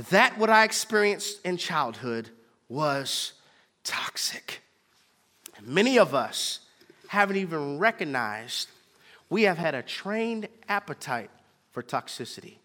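A man's voice: a little high, sing-song, slow, pauses often, sharp tone, long reverb tail. A man preaching a sermon as pastor, driving his points home with repetition and call-and-response.

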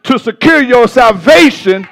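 A male pastor preaching a sermon with passion, stumbling over words and swinging between loud bursts and soft asides. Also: extremely high pitch, expressive, measured pace, gravelly.

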